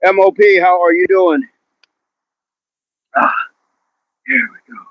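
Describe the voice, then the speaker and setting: This man's voice is high-pitched and slow, in dull audio with no room sound. Hosting a fitness livestream outdoors, he mixes casual viewer chat with grunted rep counts, breathing a bit hard.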